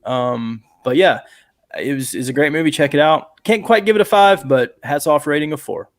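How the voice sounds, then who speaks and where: A man's voice: fairly high pitch, moderate pace. A man co-hosting a casual movie review podcast, joking and self-mocking, a father. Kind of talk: casual chat.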